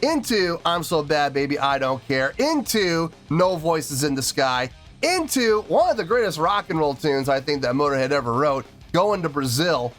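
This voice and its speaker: A man's voice: on the high side, big pitch swings, moderate pace, a bit bright. Earnest man rambling about music. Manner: earnest, rambling, repeats himself. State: choked up, teary. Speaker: music reaction host. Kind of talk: casual reaction video talk.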